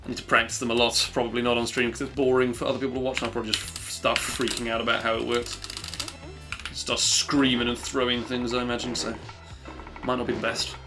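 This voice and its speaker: A man's voice: mid-range voice, monotone, quick pace, music in the background. Rambling man streaming a game. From Britain. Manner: rambling, self-deprecating, chatty. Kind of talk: casual live-stream chatter while gaming.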